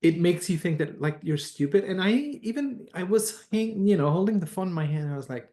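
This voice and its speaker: A man's voice: sits high, fairly quick. Hesitant man telling a story. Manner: hesitant, many restarts and "uh", animated when quoting. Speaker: tarot teacher. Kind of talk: storytelling in an online class.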